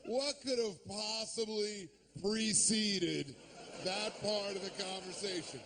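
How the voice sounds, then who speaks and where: A man's voice: sits high, slow, a bit bright, a little hiss or hum. A man performing a stand-up comedy set, sarcastic and ranting, cursing freely and acting out the people he quotes. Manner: profane.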